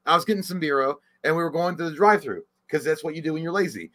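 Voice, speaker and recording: A young adult man co-hosting a casual movie chat, swearing a lot and acting out loud quotes as he tells stories. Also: fairly high pitch, racing. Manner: profane, animated storytelling with shouted quotes. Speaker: podcast co-host.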